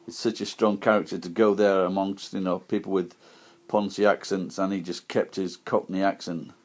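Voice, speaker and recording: A man from Sheffield talks into his iPad camera with a broad Yorkshire accent. His voice sits fairly low, and he rambles, stopping and restarting his sentences as he chats casually to viewers. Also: flat delivery. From Sheffield, England. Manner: rambling, halting, with many restarts and pauses. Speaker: vlogger.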